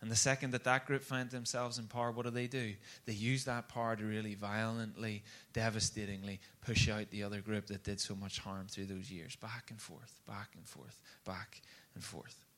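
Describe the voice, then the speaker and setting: A man preaching a sermon, telling a story in an animated, conversational way. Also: on the low side, a little fast, hardly any pauses.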